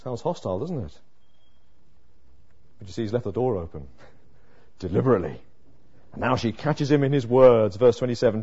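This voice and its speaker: A man preaching an expository sermon, dramatic, moving from hushed lines to emphatic ones. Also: medium pitch, animated, normal speed. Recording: muffled lo-fi sermon recording.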